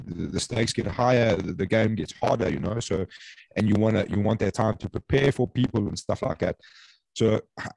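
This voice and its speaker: Deep gravelly host. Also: male voice, darkish tone, no echo, low-quality recording. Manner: chatty, stumbling restarts, joking. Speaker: podcast host. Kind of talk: casual interview hosting.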